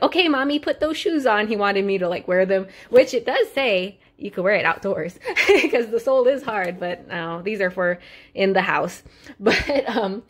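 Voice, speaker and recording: A young adult woman chatting casually through a shopping haul video, upbeat and full of fillers like "um" and "so yeah". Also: medium pitch. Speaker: vlogger.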